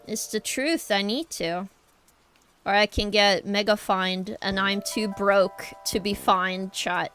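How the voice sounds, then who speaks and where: A woman's voice: medium pitch, steady tone, takes it slowly, a bit bright. A young woman with a Norwegian accent, chatting casually with her stream chat while drawing, rambling and addressing viewers directly.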